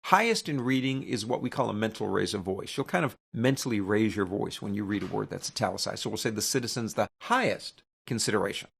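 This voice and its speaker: A man teaching a software tutorial step by step in a casual, chatty way, with joking, opinionated asides. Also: fairly low pitch, expressive, fast talker, vocal fry, hardly any pauses, husky.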